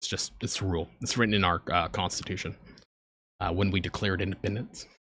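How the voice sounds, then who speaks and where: A low, husky, slightly bright voice belongs to an American streamer in his twenties or so, who talks fast with fairly even intonation on a dry recording. Reacting to videos, he's casual and earnest, prone to rambling and sometimes emotional.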